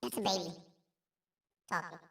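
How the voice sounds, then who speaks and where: A man speaking through a voice changer that turns him into a high baby voice, with a slow, chirpy delivery. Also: vocal fry, fairly bright tone. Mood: playful. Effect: high pitch-shifting voice changer. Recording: roomy sound from a distance.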